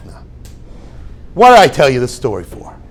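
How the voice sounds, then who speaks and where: Animated older man telling a story. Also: medium pitch, moderate pace. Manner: animated storyteller acting out dialogue. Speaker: rabbi and yeshiva head. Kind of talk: storytelling lecture.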